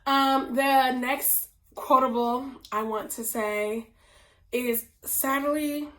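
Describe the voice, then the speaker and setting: A woman's voice: high voice, steady tone. Earnest woman reviewing a book. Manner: earnest, personal storytelling with quick asides.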